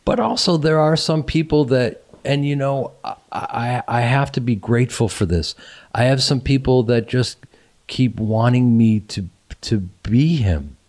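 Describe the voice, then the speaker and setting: A man in his fifties hosting a podcast, talking in a casual, halting and self-deprecating way with frequent restarts. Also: medium pitch, darkish tone. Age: 50s. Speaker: podcast host. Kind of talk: casual chat.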